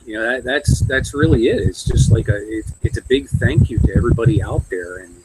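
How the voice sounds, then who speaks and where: A man's voice: on the low side, sing-song, fairly quick, gravelly, very noisy. A man co-hosting a casual chat over a video call, easygoing and rambling, laughing often. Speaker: co-host.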